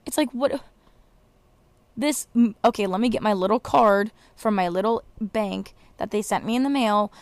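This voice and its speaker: A young woman rants alone as a podcast host, exasperated and cursing freely while her thoughts tumble out in stops and restarts. Her voice sits at an ordinary pitch and sounds close and dry, with no room around it. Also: dry recording. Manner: swearing, exasperated, rambling with restarts. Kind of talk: casual solo rant.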